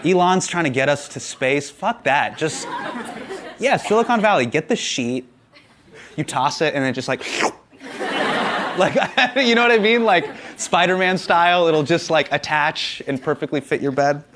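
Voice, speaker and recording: A man answering audience questions in a casual comedic Q&A, animated and joking, laughing often. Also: on the high side, measured pace, noisy background.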